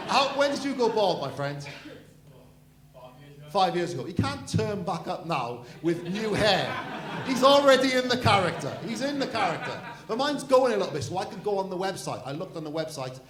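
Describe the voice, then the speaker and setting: A middle-aged man hosting a stand-up comedy night, joking crudely and bantering with the crowd. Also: high voice. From Wales. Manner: cheeky, crude banter with the audience. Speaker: comedy host. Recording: echoey room.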